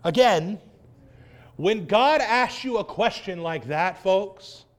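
A man preaching a sermon in an animated, wry way, acting out voices as he quotes. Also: high voice, slow pace.

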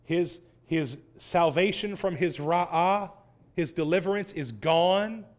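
A man preaching a sermon in an animated, wry way, acting out voices as he quotes. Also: sits high, slow pace.

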